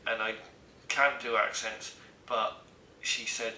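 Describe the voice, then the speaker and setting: A man's voice: lowish voice, fairly even intonation, takes it slowly, pushed and bright, reverberant, recorded from a distance, slight background noise. A young man, an easygoing co-host of a casual vlog who keeps correcting the story. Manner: easygoing, laughs often, interrupts to correct.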